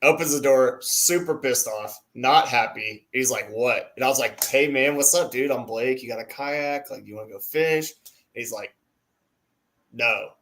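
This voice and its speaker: A man's voice: medium pitch, moderate pace, a bit bright. Laughing man telling a fishing story. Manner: laughing storyteller, acts out quotes. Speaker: co-host. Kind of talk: casual chat.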